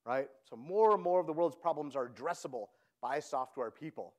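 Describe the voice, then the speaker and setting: An energetic man giving a keynote at a tech conference, often asking the audience "right?" as he goes. His voice is pitched high, and his delivery is lively and persuasive. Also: brisk. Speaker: conference speaker. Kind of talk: keynote talk.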